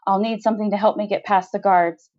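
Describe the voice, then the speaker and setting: A woman reading her story voices a frantic man who cries out in desperate defiance. His pitch is middling, and the recording is slightly dull and lo-fi. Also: fairly even intonation, quick pace, darkish tone, no echo, natural voice. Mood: defiant. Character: frantic devoted man, the first-person narrator.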